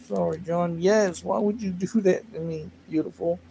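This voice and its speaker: A gravelly, slightly higher-pitched man with a drawl holds a casual livestream chat, telling rambling stories and bursting out loudly now and then. Faint noise hums under the recording. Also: normal speed, poor audio. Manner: rambling, animated storytelling with loud laughing outbursts. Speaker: livestream host.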